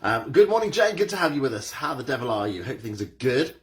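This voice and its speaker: A man's voice: mid-range voice, sing-song, quick pace. Chatty guy running a live workout stream, bouncy up-and-down voice, greets folks by name. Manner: cheery, greets viewers by name. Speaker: fitness instructor.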